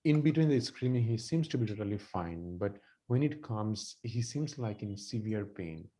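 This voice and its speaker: A man acting out a worried father in a medical exam role-play, answering the doctor in short, hesitant replies. His voice sits low and mellow. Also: lively intonation, normal speed, close to an everyday voice. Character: worried father of a sick young son.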